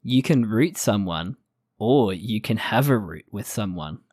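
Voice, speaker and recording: A woman's voice: extremely low pitch, lively intonation, a little slow, mellow, husky, no echo, studio quality. A woman, co-hosting a podcast, talking casually and wryly about an anime and laughing at her own jokes. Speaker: podcast co-host.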